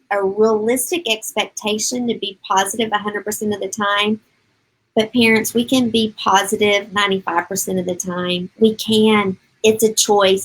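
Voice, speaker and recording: A woman's voice: mid-range voice, a bit bright, poor audio. A middle-aged woman gives parenting advice on a live stream with an upbeat, encouraging voice. She speaks straight to the parents watching, with a voice in the middle of the range for a woman, and reads out and answers viewer comments. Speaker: parenting coach.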